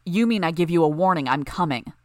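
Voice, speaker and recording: A woman's voice: lowish voice, expressive, fast talker, no room sound, clean studio sound, natural voice. A woman narrator voicing a blunt, hostile young woman villain who spits out her words. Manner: spitting, blunt, profane.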